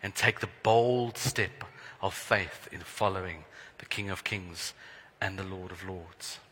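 A man pastor preaching a sermon in an earnest, prayerful way, letting his phrases trail off softly. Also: low-pitched, a little slow, breathy edge. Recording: long hall reverb.

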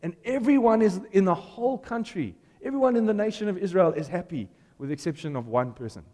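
A man's voice: sits high, lively intonation, fast talker, a little mellow, in a large hall. A man preaching a sermon in a conversational, storytelling way, putting questions to the congregation.

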